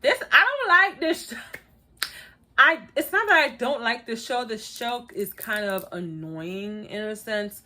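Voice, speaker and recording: Sassy lady ranting about a dating show, kinda high bright voice, keeps laughing. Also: measured pace. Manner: animated and sassy, acting out quotes; laughs often while talking. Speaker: YouTuber reviewing a reality dating show. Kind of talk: casual chat.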